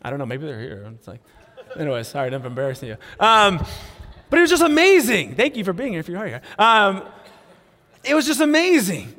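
A pastor in his thirties with a rather high voice tells his story earnestly in a sermon. His words ring out with a long reverb through the church hall, and he sinks to a hushed tone for prayer. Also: wildly swooping pitch, a little fast. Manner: earnest storytelling, drops to a soft hush for prayer. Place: church sanctuary.

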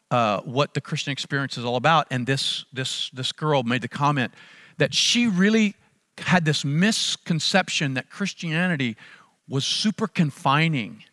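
A man's voice: a little high, pushed and bright, no room sound, clean studio sound. A middle-aged man preaching a sermon as pastor, emphatic and repeating key phrases for stress.

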